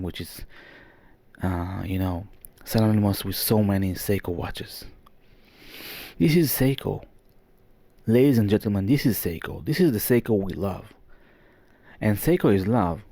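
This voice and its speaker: A man with a slightly low voice hosts a casual show-and-tell vlog from his home. He talks with rambling enthusiasm, full of fillers, restarts and asides. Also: warm tone, dry recording. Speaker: watch vlogger.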